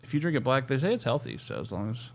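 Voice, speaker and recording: A man's voice: mid-range voice, huge pitch swings, rapid-fire, vocal fry. A man co-hosting a casual podcast chat, rambling and correcting himself as he goes, with a teasing streak. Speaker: co-host.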